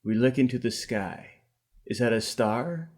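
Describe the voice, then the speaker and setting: A man co-hosting a comedy podcast who reads stage directions aloud in a slow, drawn-out, deadpan manner. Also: mid-range voice. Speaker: podcast co-host.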